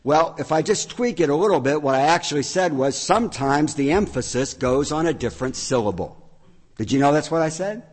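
A man's voice: a little high, lively intonation, fairly quick, slightly rough, long reverb tail. A man preaching a sermon from the pulpit, teacherly, repeating phrases to stress a point. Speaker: pastor. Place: church sanctuary.

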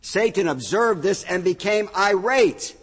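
A middle-aged man preaching in a church, his voice sitting a touch high for a man. He tells stories with lively, acted-out energy. The sound carries a long reverb from a large hall. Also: a little slow, breathy edge. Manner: animated storytelling, acting out shouts. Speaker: pastor. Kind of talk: sermon. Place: church sanctuary.

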